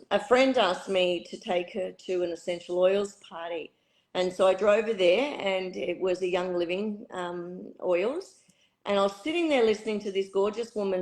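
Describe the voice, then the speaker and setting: Middle-aged lady, hoarse husky voice, average pitch, chatting openly about her path in an interview. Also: darkish tone, low-quality recording. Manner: candid, reflective, uses fillers. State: hoarse, croaky throat. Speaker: spiritual retreat facilitator. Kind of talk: personal storytelling in an interview.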